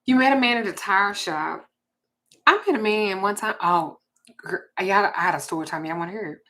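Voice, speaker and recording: A woman with a Southern US accent hosting a casual livestream, telling a story and reading viewer comments in a blunt, profane, animated way. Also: medium pitch, moderate pace. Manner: blunt, profane, animated, with sudden loud jumps.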